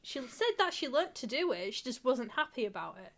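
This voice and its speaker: A woman's voice: sits high, sing-song, a little fast, fairly bright tone. Giggly woman co-host. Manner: giggly, easily amused. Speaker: co-host, host's wife. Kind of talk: casual livestream chat.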